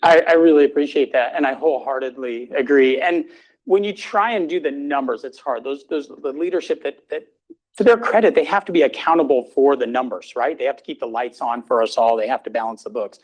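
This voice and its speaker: A middle-aged man speaks at a hospital grand rounds in a lecture room. He talks informally and haltingly, with many ums and restarts. His voice sits at an ordinary middle pitch. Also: poor audio.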